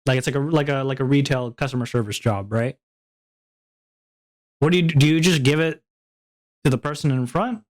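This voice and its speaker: A man's voice: medium pitch, moderate pace, pauses often. A young man chatting casually on a livestream, rambling to his viewers with frequent laughs and swearing. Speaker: VTuber streamer.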